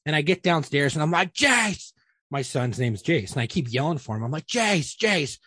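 A man's voice: medium pitch, quick pace, husky, dry recording, clean studio sound. A man in his thirties telling a story on a casual podcast, swearing freely and acting out every side of the conversation. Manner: profane, animated, acts out both sides of dialogue. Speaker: podcast co-host.

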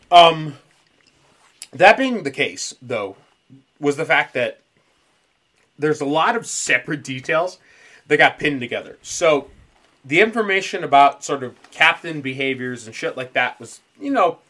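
A man hosting a casual podcast, telling a story with lots of swearing and laughter. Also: on the high side. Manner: profane, laughs a lot, animated storytelling. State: dry mouth. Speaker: podcast host. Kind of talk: casual conspiracy podcast chat.

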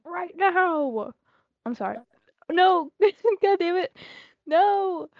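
High-voiced woman teasing her friends. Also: lively intonation, dry recording, dull audio. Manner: teasing and swearing, then quickly apologetic. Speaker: podcast co-host. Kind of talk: casual chat.

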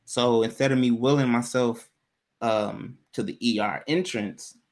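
A man's voice: medium pitch, unhurried. A man in casual conversation, telling a personal story in a candid, loose way with plenty of swearing.

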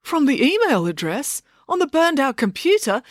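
A woman's voice: high voice, big pitch swings, normal speed, dry recording, studio quality, voice pushed up. Woman doing a nervous, awkward dad. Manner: nervous, pleading. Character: nervous, awkward middle-aged father.

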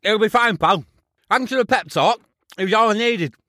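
A man's voice: high voice, moderate pace, sharp tone, a little hiss or hum. A man voicing a hapless male field reporter who mutters offhand remarks to himself, over music, in a comedy sketch.

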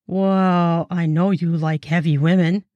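A woman's voice: lowish voice, steady tone, a little slow, dark tone, no echo, highs cut off, natural voice. Woman voicing a shy flustered young woman.

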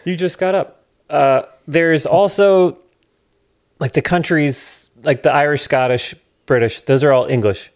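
A man's voice: a little high, unhurried. A man co-hosting a comedy podcast, chatting casually and making dry, sarcastic jokes. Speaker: podcast co-host. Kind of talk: casual chat.

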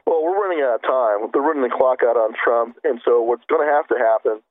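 A man's voice: medium pitch, a little fast, no echo. A man appearing as a guest on talk radio, speaking in an earnest, urgent way. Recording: phone line.

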